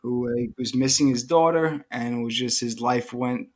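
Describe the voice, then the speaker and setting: Joking man with a middle-pitched voice. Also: normal speed. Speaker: podcast co-host. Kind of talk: casual chat.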